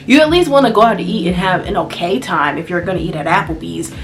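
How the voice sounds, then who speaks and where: A woman's voice: lowish voice, big pitch swings, quick pace. A young woman who works as a restaurant host, ranting casually and emphatically in a vlog. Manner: emphatic, exasperated storytelling.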